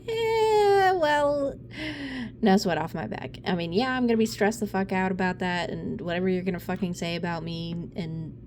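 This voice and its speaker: A woman's voice: mid-range voice, darkish tone, slight background noise. A woman giving a casual tarot reading, blunt and profane, rambling with laughs and sighs. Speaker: tarot reader.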